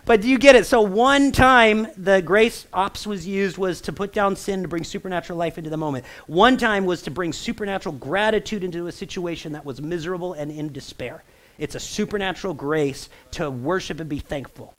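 A man's voice: sits high, fairly quick, fairly bright tone, low-quality recording. A man pastor preaching a sermon in a church over a stage microphone, in a jokey, conversational manner that keeps checking in with the congregation. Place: church sanctuary.

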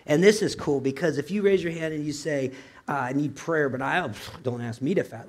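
A male pastor delivers a sermon in a church, talking casually rather than orating. His voice sits slightly above the usual male register, and he keeps checking in with listeners through quick rhetorical questions and asides. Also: a little high.

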